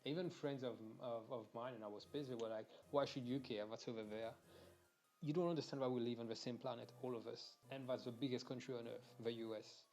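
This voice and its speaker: A young man rants on his game stream, animated and blunt, swearing freely and restarting his sentences as he goes. His voice sits at an ordinary middle pitch, with quiet game music running underneath. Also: fast talker, hardly any pauses. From Mauritius. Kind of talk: casual ranting during a game stream.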